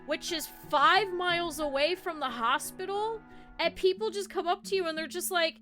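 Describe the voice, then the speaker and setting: Streamer, woman, high and bright, animated and laughing, swears casually, desk mic with faint game music under her. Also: normal speed. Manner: animated, laughs often while telling stories. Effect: cartoon avatar streamer, talking over game music. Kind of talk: casual storytelling to chat.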